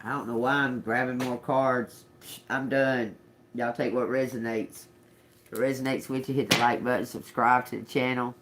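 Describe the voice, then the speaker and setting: A man's voice: mid-range voice, level tone, moderate pace, background noise. A man hosting a casual livestream tarot reading, talking straight to his viewers, laughing often and swearing as he snaps back at commenters. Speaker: tarot reader, livestream host.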